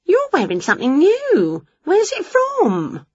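A woman's voice: extremely high pitch, huge pitch swings, slow pace, no room sound, muffled recording, voice pushed up, exaggerated voice. A woman voicing a vain, nosy witch friend in a storybook. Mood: gushing.

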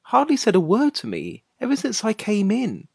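A woman's voice: medium pitch, wildly swooping pitch, normal speed, creaky, dark tone, husky, no room sound, clean studio sound, full character voice. A woman playing a flustered, pleading young man. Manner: pleading, exasperated. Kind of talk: dramatized short story reading.

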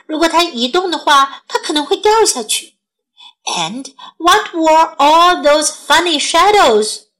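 Woman storyteller, high voice, slow and gentle bilingual bedtime reading. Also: animated, low-quality recording. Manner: gentle, slow and clear, as if for children.

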